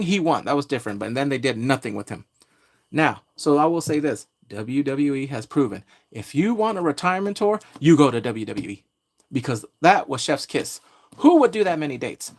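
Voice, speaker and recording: A man hosting a pop culture vlog, ranting casually and trash-talking in a brash, jokey way. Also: on the high side. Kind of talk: casual rant to camera.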